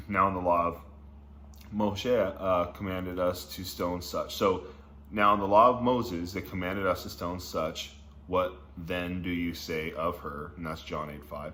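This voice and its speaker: A man reading Bible passages and explaining them in a casual, slangy way, breaking into excited asides as he teaches. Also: low-pitched. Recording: echoey room with faint background noise.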